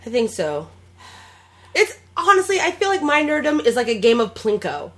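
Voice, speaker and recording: A playful young woman co-hosts a casual podcast, joking goofily and swearing freely. Her voice swings widely in pitch and sits fairly high. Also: huge pitch swings, normal speed. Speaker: podcast co-host.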